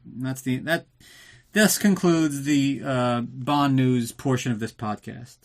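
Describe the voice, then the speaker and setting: A man's voice: medium pitch, slow. A man hosting a casual movie recap podcast, ranting and sarcastic with plenty of swearing, drinking while he talks. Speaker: podcast host.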